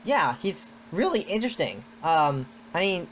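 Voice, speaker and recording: A man hosting a podcast in casual chat, rambling and excitable, full of "like". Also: high voice, a little slow, a little hiss or hum. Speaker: podcast host. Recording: dull lo-fi sound.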